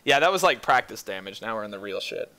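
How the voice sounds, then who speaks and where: A man's voice: lowish voice, big pitch swings, quick pace, bright, forceful tone. A man narrating as game master in casual chat, laughing often and swearing casually.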